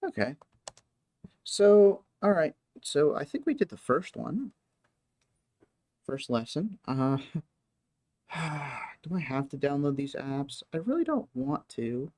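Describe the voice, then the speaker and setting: A woman's voice: sits low, big pitch swings, a little slow, dark tone, dry recording. A woman streamer chatting casually and hesitantly, full of ums and trailing thoughts. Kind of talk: casual chat.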